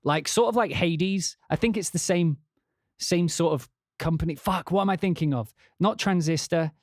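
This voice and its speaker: A man's voice: on the high side, normal speed, dry recording, clean studio sound. An English man, a composer, chatting casually on a livestream in a rambling, profane way, often restarting his sentences.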